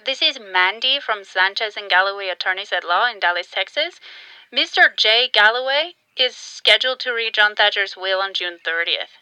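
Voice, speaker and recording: An actress playing a dry, businesslike law firm secretary with a thick Spanish accent, calling on the phone. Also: female voice, medium pitch, expressive, normal speed, bright, forceful tone, clear, resonant tone, dry recording, low-quality recording. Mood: formal. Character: dry secretarial female law office receptionist.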